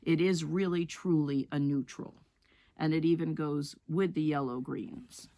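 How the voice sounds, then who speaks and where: A woman's voice: deep voice, fairly even intonation, unhurried, dark tone. A woman teaching a rug hooking lesson, chatting her way through wool colors as she shows them.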